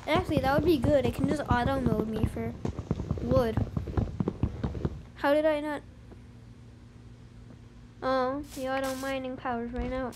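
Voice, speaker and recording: A high-voiced young gamer chatting casually and humming little tunes while playing on a phone. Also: steady tone, a little slow, long pauses, heavy background noise. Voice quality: high-pitched voice. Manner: chatty, rambling, with playful sing-song humming. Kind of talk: casual let's-play commentary.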